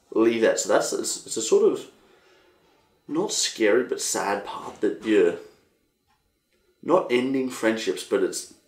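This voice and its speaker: A young Australian man hosting a casual solo podcast, rambling and animated, swearing freely. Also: on the low side, reverberant. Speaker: podcast host.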